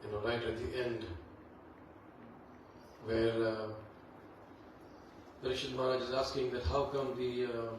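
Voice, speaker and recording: A man leading a devotional scripture class, talking in an unhurried, conversational way with many fillers. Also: medium pitch, level tone. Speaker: Bhagavatam class teacher. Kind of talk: devotional class talk with Sanskrit chanting. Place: temple hall. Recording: echoey hall, distant mic, background noise.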